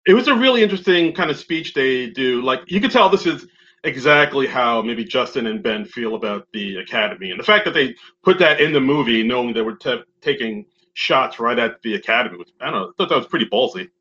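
A man's voice: medium pitch, animated, brisk, pushed and bright. A man co-hosting a podcast in casual chat, rambling with lots of "like" and restarts. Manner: rambling, many fillers and restarts. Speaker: podcast co-host. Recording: dull lo-fi mic with faint hum.

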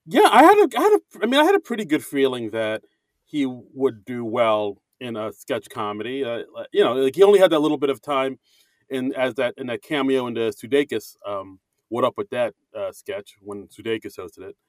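A man co-hosting a casual comedy podcast, chatty and rambling, quick to laugh. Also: mid-range voice, animated, dry recording. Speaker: podcast co-host.

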